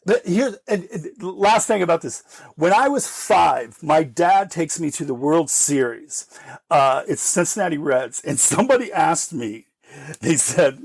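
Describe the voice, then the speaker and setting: A middle-aged American man telling candid, animated stories about his recovery and acting out the voices of the people in them, laughing often. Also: a little high, measured pace, gravelly, breathy edge, dry recording. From United States. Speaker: podcast guest.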